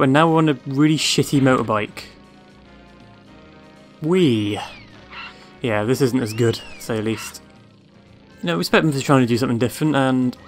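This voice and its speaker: Man, let's play commentary, sarcastic, swears a lot, mid-pitched voice. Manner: sarcastic, swears freely, talks to the game. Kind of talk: casual gameplay commentary.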